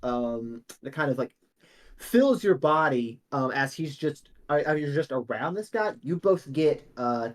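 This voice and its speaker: A man's voice: on the high side, expressive, unhurried. Casual young man running a tabletop game. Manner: casual, with fillers. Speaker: game master.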